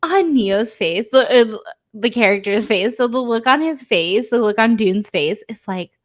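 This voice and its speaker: A woman co-hosting a podcast, chatting casually with a slightly high voice. She retells scenes with animated energy, dropping into quick acted-out lines for each character. Her speech is full of casual fillers. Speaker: podcast co-host. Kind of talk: casual chat recapping a show.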